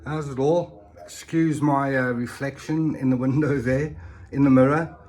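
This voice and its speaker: A man's voice: mid-range voice, fairly even intonation, a little slow, a little mellow. A man talking through his collectible figures in a casual, rambling show-and-tell vlog, often ending lines with "eh?". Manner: rambling and chatty, with tag questions like "eh?".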